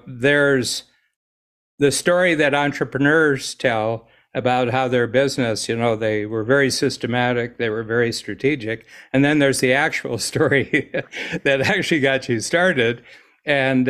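A man's voice: medium pitch, fairly bright tone, smooth. An American man, a podcast guest, telling rambling stories in casual conversation and chuckling often. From United States. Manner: rambling storyteller, laughs often, restarts.

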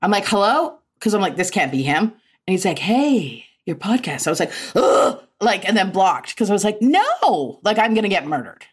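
A woman's voice: medium pitch, very animated, a little fast, breathy edge. Woman guest, blunt storyteller, swears freely, laughs often, casual podcast chat.

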